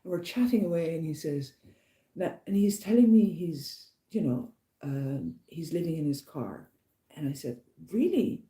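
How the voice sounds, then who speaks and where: A woman with a very dark, mellow voice tells a rambling travel story in a casual vlog. She sounds chatty and enthusiastic, a walking pilgrim talking to the camera. Her voice rings with a noticeable echo. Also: deep voice, normal speed.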